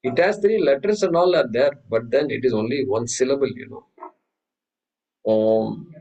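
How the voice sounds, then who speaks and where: A man teaching a scripture class, telling stories with many restarts and reciting Sanskrit verses slowly. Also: medium pitch, dark tone, dull audio. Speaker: Vedanta teacher. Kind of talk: spiritual class lecture.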